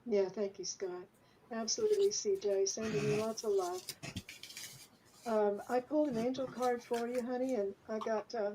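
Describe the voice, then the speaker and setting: A woman's voice: a little high, steady tone, normal speed. A woman guest giving a tender angel card reading and passing on soothing spirit messages. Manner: tender, emotional, speaks as spirits in a soothing advisory tone. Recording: dull lo-fi call audio with faint noise.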